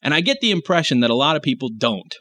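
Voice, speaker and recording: A man's voice: fairly high pitch, very animated, fast talker, sharp tone, no room sound. A man in casual conversation, ranting with opinions and lots of swearing. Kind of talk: casual chat.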